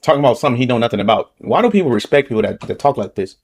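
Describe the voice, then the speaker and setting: A man with a medium-pitched voice and a Southern Californian accent fires off rapid, animated reaction commentary as host of a political channel. Heated and repetitive, he punctuates each point with a rhetorical "okay?"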